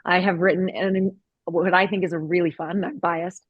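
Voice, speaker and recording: Woman filmmaker, upbeat and determined, lowish voice, dry video-call audio. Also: little pitch movement, moderate pace, husky, dry recording, muffled recording. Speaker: writer and director. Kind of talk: casual interview chat.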